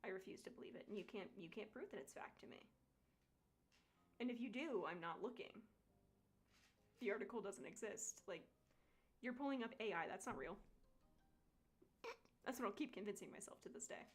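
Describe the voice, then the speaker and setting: Young woman, vlogger, casual chat, filler-heavy, swears freely, mid pitch. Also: expressive, normal speed, long pauses. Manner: chatty, lots of fillers and swearing.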